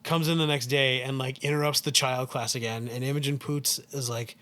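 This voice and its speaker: A man co-hosting a casual podcast, walking through a film plot scene by scene. He talks at a middling pitch with a bright, forceful tone. He leans on filler words and restarts as he goes. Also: steady tone, fairly quick. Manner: rambling, heavy use of "like" and "um". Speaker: podcast co-host.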